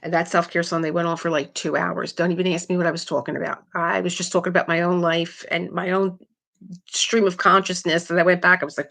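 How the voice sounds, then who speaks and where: Speaking briskly with a creaky, slightly low voice, a middle-aged woman hosts a relaxed live crafting stream. She stays lively throughout, laughing often as she reads out viewer comments.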